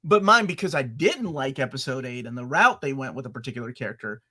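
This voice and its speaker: Bright, excitable man in his forties. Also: mid-range voice, fast talker. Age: 40s. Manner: excitable, acts out his own reactions. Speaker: podcast host. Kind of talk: casual chat.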